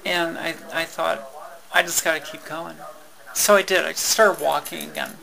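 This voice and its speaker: A woman telling a personal story in a halting way, with many fillers, restarts and wry laughs. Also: low voice, steady tone, creaky, crowd noise, low-quality recording.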